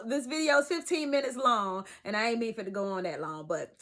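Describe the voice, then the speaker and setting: A woman's voice: on the high side, fast talker. Emphatic woman vlogging from bed. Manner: emphatic, preachy, swings from loud to hushed. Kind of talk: casual talk to camera. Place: bedroom, sitting in bed.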